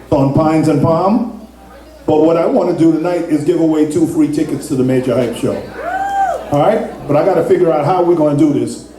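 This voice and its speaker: Hosting a ticket giveaway at a big indoor venue, a promoter trades jokes with the audience in a fairly quick, dark-toned voice pitched a little high. The sound is echoey, caught by a distant mic.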